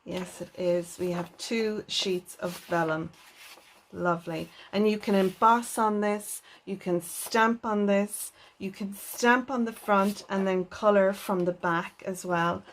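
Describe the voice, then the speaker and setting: A woman hosting a papercraft unboxing video, speaking gently and often enthusing over each item. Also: mid-range voice, fairly even intonation, takes it slowly, slight background noise. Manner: gentle, enthuses with repeated "lovely". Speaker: papercraft channel host.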